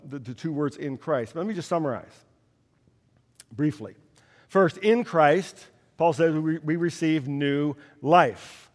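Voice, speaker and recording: Man preaching a slow, emphatic sermon. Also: a little high, in a large hall. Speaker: pastor.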